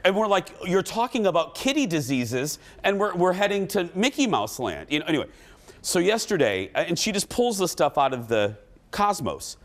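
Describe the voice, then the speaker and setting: A man hosting a talk show, telling a story in a casual, animated way and acting out what people said. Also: sits high, moderate pace. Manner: animated storytelling, acts out quotes. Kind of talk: casual chat.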